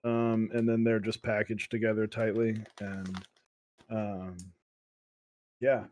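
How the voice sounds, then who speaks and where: A man's voice: fairly low pitch, flat delivery, slow pace, a little mellow. A man co-hosting a casual talk show, chatting loosely with lots of fillers. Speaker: co-host. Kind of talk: casual chat.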